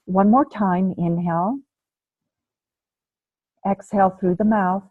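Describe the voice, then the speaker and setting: A woman teaching a breathing class over a video call, calm and patient, demonstrating the breaths aloud. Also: mid-range voice, slow, no room sound. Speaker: ayurveda and yoga teacher. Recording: phone-like, narrow band.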